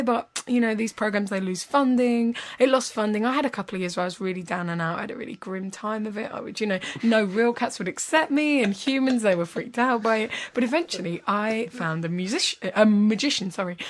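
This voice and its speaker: A woman's voice: mid-range voice, quick pace, few pauses, lightly acted. A woman voicing a weary talking cat who tells its long life story in a casual, matter-of-fact way. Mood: laid-back. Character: weary talking cat, ex-spy, laid-back.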